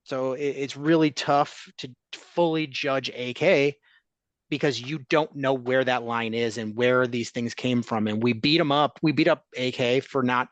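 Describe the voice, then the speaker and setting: A man's voice: mid-range voice, a bit bright, no echo, lo-fi sound. A man hosting a sports talk podcast, chatting casually and giving opinions in a rambling way with restarts. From Chicago area.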